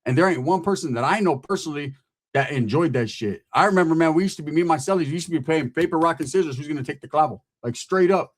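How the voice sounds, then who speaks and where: A man from California tells a long, rambling story full of swearing and street slang. His voice sits a little high and has a husky edge. He jumps in and out of the other characters' voices as he goes. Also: animated, quick pace. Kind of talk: casual storytelling monologue.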